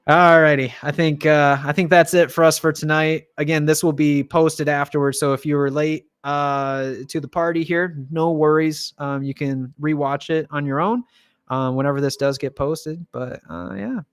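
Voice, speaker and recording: A man's voice: on the high side, fairly even intonation, normal speed, smooth, no echo, studio quality. A man hosting a casual livestream Q&A, chatty, laughing often and reading viewer comments aloud. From United States. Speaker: livestream host, band member.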